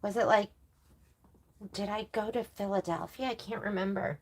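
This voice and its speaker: A woman talks at normal speed and medium pitch while presenting a casual sewing stream from her home sewing room. Her chat is rambling, punctuated by laughing asides.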